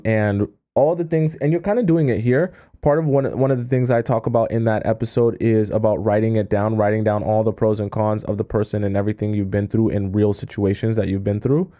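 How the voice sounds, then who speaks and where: A man's voice: lowish voice, mellow. A man hosting a live stream as a dating coach, giving casual advice in a chatty way, often checking in with "okay?" and using coy euphemisms.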